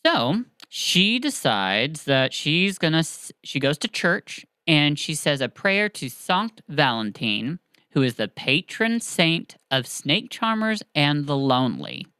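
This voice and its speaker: A podcast host casually retelling a story in a chatty, animated way, with filler words. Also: medium pitch, slow pace, smooth, no room sound.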